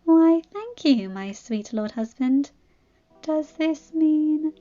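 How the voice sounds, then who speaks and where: A woman reading as a playful young queen with a sly, drawn-out way of speaking. Her voice sits high. The sound is dull and lo-fi, with faint music behind. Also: lively intonation, mellow.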